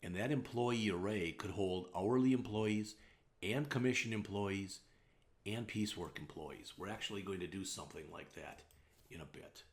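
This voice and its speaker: A man's voice: fairly low pitch, normal speed. A man teaching programming in a casual, conversational recorded slide lecture, often checking in with "all right?". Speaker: programming instructor.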